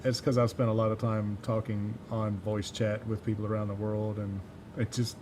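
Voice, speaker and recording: A Mississippi man with a mild Southern accent chats on a livestream while building a synth module. His voice sits on the low side with a level, slightly mellow tone at a moderate pace, and there's a little hiss or hum. He rambles and chuckles in a self-deprecating way.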